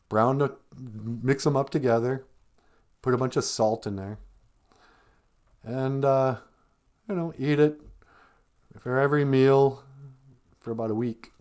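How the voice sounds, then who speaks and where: With a mid-range voice and a darkish tone, this live stream host jokes and rambles through casual chat. He laughs often and comes from northern Minnesota.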